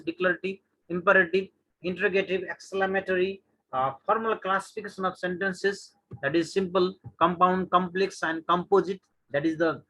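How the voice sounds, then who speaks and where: A man with an Indian English accent and a high, bright voice, working through a syllabus as a teacher. He reads out terms one after another in short bursts and fills the gaps with "uh". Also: rough recording. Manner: reads lists item by item with many "uh" pauses. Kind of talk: lecture reading out a syllabus.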